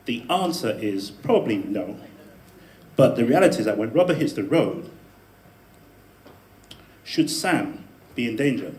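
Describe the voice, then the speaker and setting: A man's voice: mid-range voice, slight background noise. Storytelling man in an echoey hall. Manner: animated, laughing asides, rising to emphatic peaks. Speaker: debate speaker. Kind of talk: storytelling speech to a live audience. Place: hall with a live audience. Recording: echoey room with faint ambience.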